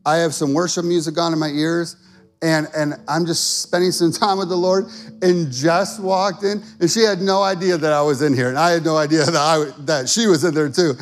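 A man's voice: a little high, fairly even intonation, moderate pace. A male pastor preaching a sermon in an earnest, conversational way.

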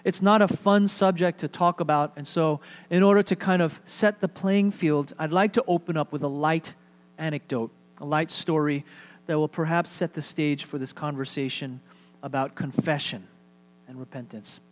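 A man's voice: fairly high pitch, moderate pace. A male pastor preaching a sermon in a conversational way, with fillers and light humor.

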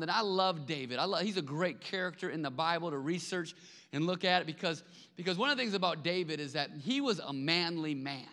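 A man's voice: a little high, lively intonation, fairly quick, pushed and bright. A man preaching a sermon as pastor, speaking in a conversational way and often repeating words when he stresses a point. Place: large church hall. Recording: long hall reverb.

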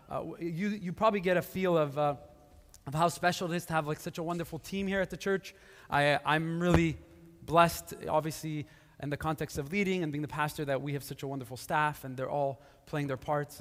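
A male pastor preaching casually and conversationally, with many fillers and restarts. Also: on the high side. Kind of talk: casual sermon. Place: church sanctuary. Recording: live church hall with long reverb.

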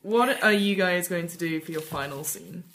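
A woman runs a comedic tabletop game as game master, narrating scenes in a lively, giggly way. Her voice sits in a roomy space, with a faint hiss underneath. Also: on the low side, moderate pace.

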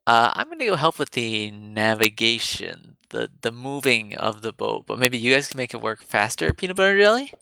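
A man's voice: medium pitch, lively intonation, moderate pace, vocal fry, hardly any pauses, bright, forceful tone, no room sound. A man voicing a small, sarcastic male adventurer who teases his companions. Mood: teasing. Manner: teasing, sarcastic.

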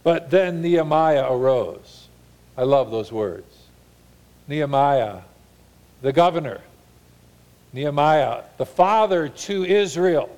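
A man preaching a sermon as a pastor, earnest, slowing and softening on key lines and slipping into mock voices to paraphrase. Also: a little high, lively intonation.

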